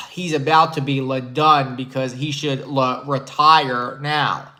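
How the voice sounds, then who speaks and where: A man doing a comedic impression of an older male sports debate pundit, brash and contrarian, talking slowly with heavy sighs. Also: mid-range voice, fairly even intonation, bright, forceful tone, low-quality recording. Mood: scornful. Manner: slow, drawn-out delivery with heavy sighs and dramatic pauses.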